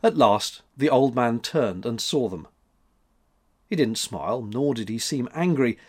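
Expressive male storybook narrator. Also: mid-range voice, measured pace, breathy edge. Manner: expressive, lively.

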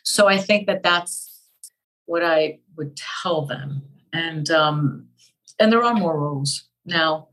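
An older woman from Cuba, an actress guest in an interview, talking in an animated, emphatic way and repeating key phrases. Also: low voice, takes it slowly, rough recording. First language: Spanish. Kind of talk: interview conversation.

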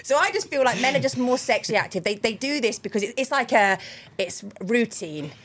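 A woman's voice: fairly high pitch, expressive, a little fast, fairly bright tone, a little hiss or hum. Blunt, laughing young woman. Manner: blunt, swears freely, laughs often. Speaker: podcast co-host. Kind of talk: casual chat.

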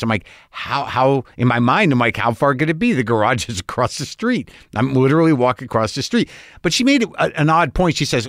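A man in his sixties, telling a long story in casual monologue, animated and exasperated, swearing and acting out both sides of the dialogue. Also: medium pitch, a little fast, no echo, studio quality.

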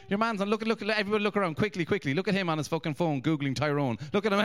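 A man's voice: fairly high pitch, expressive, fast talker, few pauses, a bit bright. A man doing stand-up crowd work, crude and mocking as he banters with the audience. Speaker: stand-up comedian.

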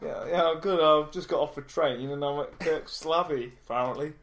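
A man's voice: a little high, normal speed, fairly bright tone, a little hiss or hum. A man hosting a podcast in casual chat, laughing often and restarting his sentences. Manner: giggly, bursts into laughs, stammering restarts. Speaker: podcast host.

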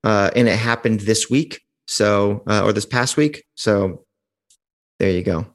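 A man's voice: on the low side, unhurried. A man co-hosting a podcast in casual chat, rambling with restarts and swearing. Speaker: podcast co-host.

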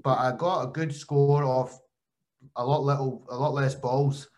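A man hosts a relaxed podcast conversation. He tells stories animatedly, often restarting his sentences mid-thought. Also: medium pitch, a little slow. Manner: animated storyteller, frequent restarts. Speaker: podcast host and former cricketer. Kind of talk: casual chat, storytelling.

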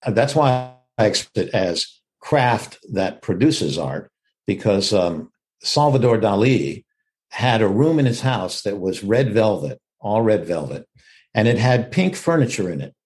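A man's voice: on the low side, big pitch swings, measured pace, a little mellow. An older man, an actor, talking reflectively about acting in an interview and acting out quoted lines as he goes. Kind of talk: conversational interview.

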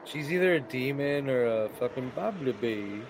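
A man's voice: medium pitch, animated, normal speed, a little hiss or hum. A man co-hosting a movie commentary podcast, joking crudely in casual banter. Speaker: podcast co-host.

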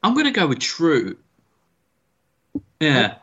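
A man's voice: on the high side, wildly swooping pitch, slow, sharp tone, slight background noise. A man co-hosting a comedy podcast, rambling and laughing in casual chat. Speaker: podcast co-host. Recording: dull lo-fi sound.

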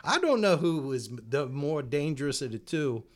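A man's voice: a little high, sing-song, moderate pace. A man co-hosting a podcast in casual banter, teasing and joking, with frequent ums. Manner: jokey, teasing, hesitant with many ums. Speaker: podcast co-host.

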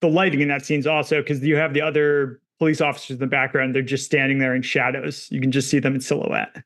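A man co-hosting a film podcast, calmly breaking down camera work and themes of a movie. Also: medium pitch, fast talker. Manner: analytical, talks through film technique. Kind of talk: casual film discussion.

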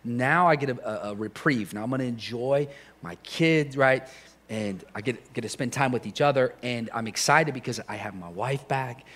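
A man hosting an interview, encouraging his guests with quick interjections and restarting his questions. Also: mid-range voice, a bit bright. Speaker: host. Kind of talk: interview conversation.

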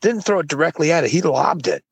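A man co-hosting a casual podcast, telling stories with swearing and voicing other people in loud, high bursts. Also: fast talker, crowd noise. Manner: swearing, animated, jumps high when quoting people. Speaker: podcast co-host. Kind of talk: casual chat, storytelling.

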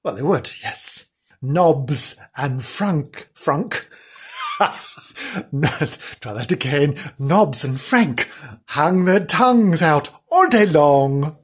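A man hosting a mock children's story show, over-excited, giggly and rambling, breaking off to joke. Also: on the high side, very slow, breathy edge. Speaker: storyteller host.

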